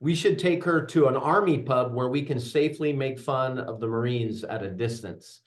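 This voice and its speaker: A man's voice: mid-range voice, normal speed. Man leading a veterans workshop. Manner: earnest, joking storyteller addressing audience. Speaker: veteran trainer. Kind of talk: interactive workshop talk.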